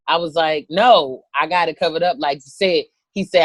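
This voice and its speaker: Woman, 30s, comedian, animated storyteller, swears a lot, dry close sound. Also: lowish voice, brisk, few pauses, dry recording. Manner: animated, profane, acts out voices in her story. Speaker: comedian guest. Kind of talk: comic storytelling.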